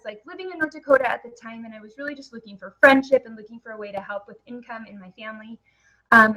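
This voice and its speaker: A woman's voice: fairly high pitch, pushed and bright, rough recording. A young woman with a headset microphone, giving a live, chatty webinar presentation with many fillers. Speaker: network marketing presenter.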